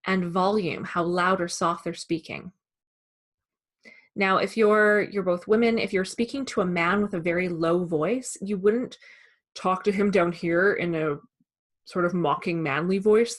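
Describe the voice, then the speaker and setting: A woman who trains salespeople, giving a calm, measured instructional talk. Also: lowish voice. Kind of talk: instructional presentation.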